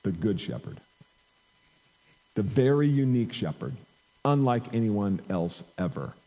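Mellow-voiced male pastor preaching in a church. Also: lowish voice, sing-song, measured pace, long reverb tail, rough recording. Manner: conversational preaching, reads scripture aloud with emphatic rises. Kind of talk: sermon. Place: church sanctuary. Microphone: amplified microphone.

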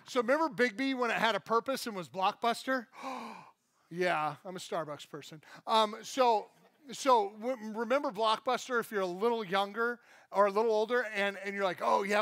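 A man's voice: sits high, fairly bright tone, no echo. A male pastor preaching a live sermon at a church service, conversational and joking, with self-deprecating asides.

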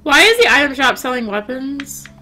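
A woman's voice: sing-song, normal speed, bright, forceful tone, faint music behind. A woman streaming a live game playthrough, reading the game text aloud with sarcastic comments. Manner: sarcastic, reads game text aloud, breaks into high squeals.

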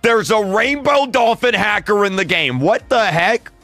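A man's voice: high-pitched, animated, a little slow, sharp tone, dry recording, faint music behind. A young man streaming a game, launching into a mock rant and roasting someone in chat. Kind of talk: gaming livestream chat.

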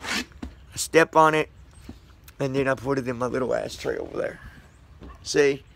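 A man's voice: medium pitch, steady tone, a little slow, gravelly, fairly bright tone, slight background noise. A man vlogging casually outdoors, chatting and joking directly with his viewers in an upbeat, rambling way. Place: outdoors on concrete.

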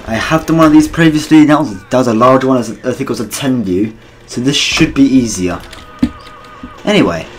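A man's voice: mid-range voice, normal speed, background noise. A man with a British accent giving chatty, rambling, self-deprecating commentary while playing a game. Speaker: gaming channel host. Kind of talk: casual gameplay commentary.

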